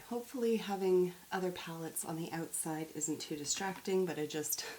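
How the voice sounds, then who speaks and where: A chatty woman talks through her makeup collection in a low, easy voice. She trips over words and pokes fun at herself as she goes. A faint hiss sits under the recording. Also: a little mellow, low-quality recording. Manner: chatty, self-deprecating, stumbles over words and laughs at herself. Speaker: beauty YouTuber. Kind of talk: casual chat to camera.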